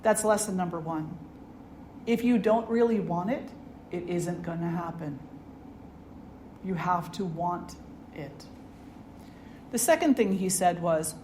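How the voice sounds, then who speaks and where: A woman's voice: on the low side, measured pace, long pauses. Earnest woman teacher in an echoey room. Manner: earnest, storytelling with gentle humor. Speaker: spiritual teacher. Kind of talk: dharma talk. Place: ashram hall. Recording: echoey room with faint noise.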